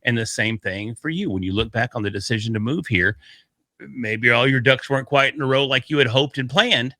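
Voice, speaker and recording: A man co-hosting a casual podcast, his voice bright and forceful. He talks in an upbeat, motivational way and jokes with his co-host, recorded close and dry with no room sound. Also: medium pitch, brisk, dry recording.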